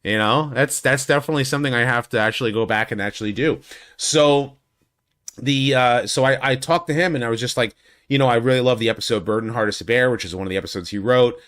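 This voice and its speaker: This YouTube host talks fast in a slightly bright voice as he recaps a fan convention on video through a USB studio condenser microphone. His delivery is rambling, full of restarts and "likes," with quotes performed in a far higher voice.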